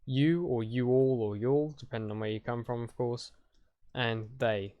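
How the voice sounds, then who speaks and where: A man's voice: medium pitch, steady tone, normal speed, narrow, tinny audio. A man hosts a casual tutorial, explaining grammar in a loose, chatty way with fillers and self-corrections. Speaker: conlang tutorial host.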